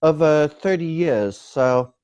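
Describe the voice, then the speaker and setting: Slow, joking older British-born man. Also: fairly high pitch, expressive, darkish tone, smooth, lo-fi sound. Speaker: guest.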